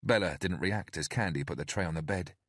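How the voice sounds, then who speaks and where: A man narrates an audiobook in a measured storytelling voice. The voice is very low and husky, and his pitch moves widely. The recording is dry and close, with no room sound. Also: no echo. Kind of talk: scripted narration.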